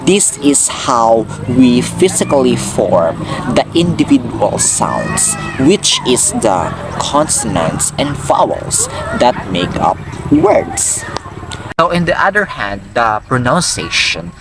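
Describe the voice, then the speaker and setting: Slow, lively-voiced man teaching phonology. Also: mid-range voice, poor audio. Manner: repeats sounds and words slowly for the listener to copy; rephrases his own points with "or". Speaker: presenter explaining phonology. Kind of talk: educational lecture.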